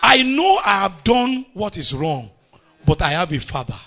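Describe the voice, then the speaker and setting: A cocky, carefree young son of a rich father, laughing off his trouble , as a Nigerian preacher plays him. The voice runs very high and bright, swinging widely between soft asides and shouted bursts. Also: sing-song, moderate pace, creaky, exaggerated voice. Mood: mocking. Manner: laughing, dismissive.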